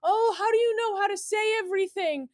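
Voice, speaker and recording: A woman putting on the voice of an excited nine-year-old boy who gasps and gushes. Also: fairly quick. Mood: thrilled. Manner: gasping, thrilled, high-pitched.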